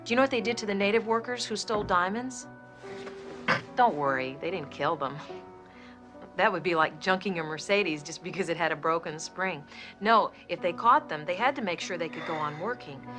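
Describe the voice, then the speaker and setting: A soft-spoken, eerily calm middle-aged captor, played by an actress, coaxing her prisoner in a lowish voice. Tense film music plays clearly under her words. The dialogue comes from a film soundtrack. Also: normal speed, lightly acted. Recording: film clip with music behind.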